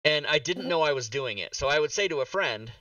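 A man's voice: on the high side, lively intonation, brisk, bright, forceful tone, dry recording, distant mic. A man hosting a casual talk show livestream, exasperated and swearing, with many restarts.

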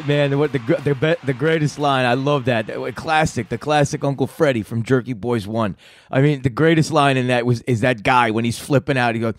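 A man's voice: medium pitch, normal speed, faint music behind. Rambling, swearing male podcast host. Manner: rambling, profane, laid-back. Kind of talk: casual monologue.

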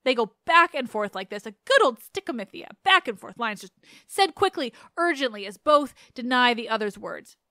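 A young adult woman hosting a podcast, retelling an old play in a chatty, animated way. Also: fairly high pitch, moderate pace, dry recording, clean studio sound. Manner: chatty, animated, laughs and restarts. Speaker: podcast host. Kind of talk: casual myth retelling.

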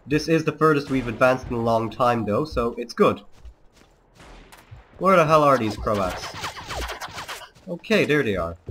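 A man hosting a let's play, talking over his gameplay in a put-on Serbian accent. He delivers his lines in a mock-solemn, declamatory way at an ordinary middle pitch, with a faint hiss under the voice. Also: fairly bright tone. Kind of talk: gameplay commentary.

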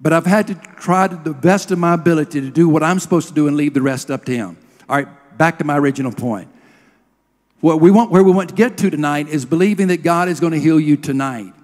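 Middle-aged male preacher, earnest storyteller, slightly high voice, long hall reverb. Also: fast talker. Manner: earnest storytelling, drops to a hush at emotional moments. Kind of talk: sermon.

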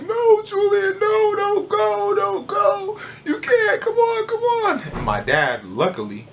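A man telling a personal story to camera in a casual, animated, joking way. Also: medium pitch, a little hiss or hum. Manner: animated, joking, acts out moments. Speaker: vlogger.

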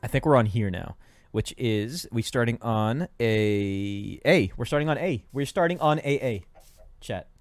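A young man casually streaming a building game, rambling, cracking self-mocking jokes to his chat and counting out loud under his breath. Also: mid-range voice, a little slow, soft background music. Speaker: gaming streamer. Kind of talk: casual live-stream commentary while building.

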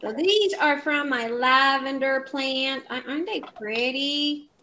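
A woman's voice: high voice, slow pace, sharp tone, poor audio. A chatty woman from Puerto Rico hosting a casual live craft video, rambling and greeting viewers by name. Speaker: craft channel host.

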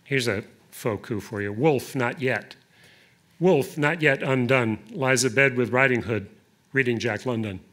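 Man, poet, live poetry reading, deliberate, hesitant asides. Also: mid-range voice, a bit bright.

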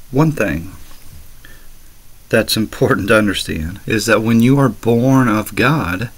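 A man's voice: fairly low pitch, slow pace, rough recording. A man reading King James verses aloud and scornfully rebutting a preacher's clip. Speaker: commentator reacting to a sermon clip.

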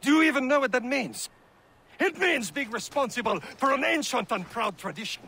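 An actor playing an arrogant, scornful naval captain in a video game cutscene, delivering cutting insults. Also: male voice, extremely high pitch, lively intonation, a little fast, vocal fry, sharp tone, slightly rough, heavily acted. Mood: haughty scorn. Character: arrogant, scornful male French-Canadian naval captain, middle-aged.

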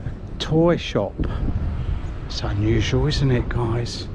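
Here a man takes his time, his mid-range voice unhurried as he films himself strolling a resort street. The talk is a casual, cheerful walking tour aimed at viewers he keeps calling "guys," with street traffic clearly audible in the background.

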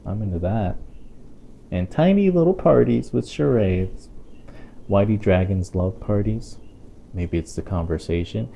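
A man's voice: lowish voice, unhurried, vocal fry, slight background noise. Playful man reading a picture book. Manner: playful and expressive, chatty asides to a listening child. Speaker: storytime reader.

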